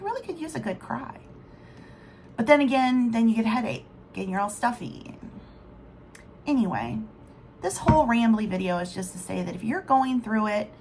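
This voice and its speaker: A middle-aged woman talking straight to camera in a loose, rambling vlog. She's candid and emotional, with a faint hum of room ambience behind her voice. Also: fairly high pitch. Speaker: vlogger. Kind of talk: casual rambling vlog talk.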